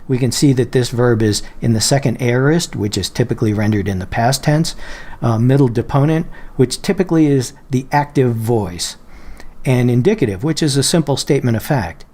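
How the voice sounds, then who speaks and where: A man calmly walking viewers through a software feature in a screen-recorded tutorial, slowing down on quoted phrases and examples. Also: medium pitch. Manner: patient, explanatory, slows down on quoted phrases. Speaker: Bible software tutorial presenter. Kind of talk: screen-share software walkthrough.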